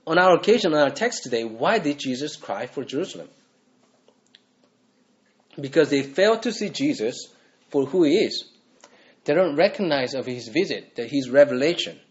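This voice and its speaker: A man's voice: on the high side, lo-fi sound. A male pastor preaching a sermon, earnest, pressing his listeners with repeated questions.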